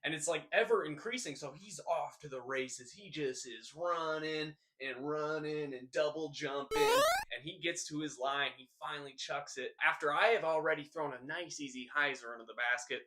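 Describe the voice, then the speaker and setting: A young man hosts a scripted news recap, slipping deadpan jokes between the items. His voice is bright and sits a little high, and his delivery is casual and comic. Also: normal speed, few pauses, a little hiss or hum. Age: young adult. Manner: deadpan jokey delivery, rambling tall tale. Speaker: host.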